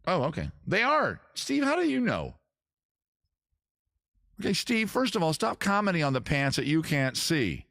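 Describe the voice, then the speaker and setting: A man's voice: fairly high pitch, wildly swooping pitch, moderate pace, vocal fry, long pauses, a bit bright, no echo, clean studio sound. A man hosting a casual music and drinking show, rambling through self-mocking jokes between songs. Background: guitar music.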